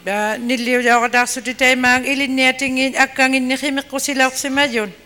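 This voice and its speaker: Sermon interpreter, high pitch, bright tone, phrase by phrase, echoes the preacher's acting, long reverb. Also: level tone, a little fast. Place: church hall. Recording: echoey hall. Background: long hall reverb.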